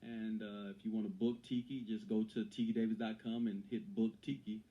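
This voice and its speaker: A man's voice: lowish voice, level tone, a little fast, dull audio. A man as an interview guest and author, talking earnestly in casual conversation, often repeating phrases and restarting.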